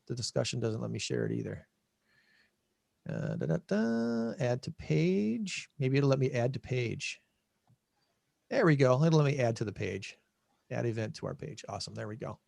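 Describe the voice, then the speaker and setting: Midwestern American male podcast host, chatty and rambling, mid-pitched voice, dry close sound. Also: vocal fry, darkish tone, no room sound. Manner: rambling, self-correcting, chatty. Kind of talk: casual chat. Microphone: video call.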